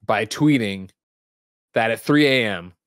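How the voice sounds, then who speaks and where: A man hosting a podcast, asking quick, blunt questions in casual chat. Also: on the low side, a bit bright, no room sound, studio quality. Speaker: podcast host.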